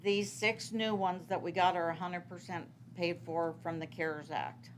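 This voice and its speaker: Woman, lowish voice, rambling answers, council meeting, faint room noise. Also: steady tone, unhurried. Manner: rambling, many fillers and restarts. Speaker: city transit manager.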